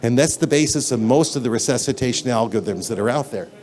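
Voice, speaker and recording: A man's voice: medium pitch, animated, fast, a little mellow. A man giving a conference lecture in a lecture hall, talking in an emphatic, blunt and conversational way, addressing the audience directly.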